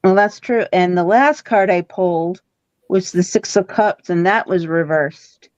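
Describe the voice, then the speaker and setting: A woman's voice: on the low side, measured pace, a little mellow, no echo, lo-fi sound. A woman chatting casually as a tarot-reading co-host, rambling and repeating her words. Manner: rambling, repeats words, quotes people in little voices.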